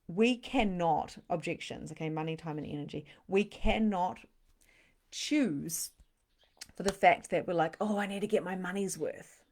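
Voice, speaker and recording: A woman with a somewhat low voice hosts a livestream as a spiritual coach. She is chatty and bubbly and reads out viewer comments between pitches. Now and then she drops to a hushed, breathy near-whisper for emphasis. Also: a little slow. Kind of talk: live-streamed sales pitch and chat.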